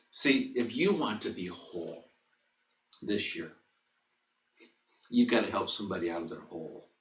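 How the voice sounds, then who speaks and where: A man's voice: medium pitch, normal speed, pauses often. Man, chapel speaker, earnest storytelling sermon, roomy echo. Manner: earnest, builds to emphatic loud passages. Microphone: recorded to camera.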